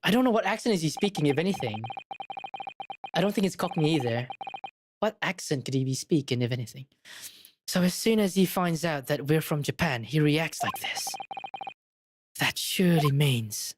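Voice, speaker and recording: A woman's voice: low-pitched, lively intonation, normal speed, pauses often. A woman streamer playing a game, reading lines aloud and joking around in a playful, giggly way. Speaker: vtuber streamer. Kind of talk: let's play reading game dialogue. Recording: background music playing. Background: game music.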